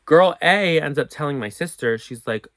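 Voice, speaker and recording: A young man telling a storytime in a casual, profane, animated way, acting out what people said. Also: on the high side, moderate pace, no echo. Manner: animated, profane, acts out quotes. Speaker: storyteller vlogger.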